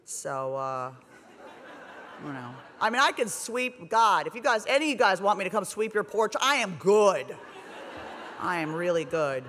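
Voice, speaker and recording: A woman in her forties tells her own story on stage in a wry, self-deprecating way, keeping things animated and funny. Her voice carries a long reverb from a large hotel ballroom. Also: mid-range voice, measured pace, a little hiss or hum. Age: 40s. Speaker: speaker. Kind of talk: comedic speech at a gala.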